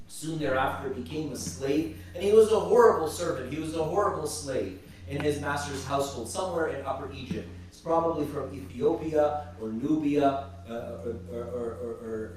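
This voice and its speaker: Church teacher, man, fairly high voice, halting storyteller, heard from a distance in a very echoey church. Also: darkish tone, a little hiss or hum. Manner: halting, repeats words while retelling stories. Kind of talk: storytelling religious class talk.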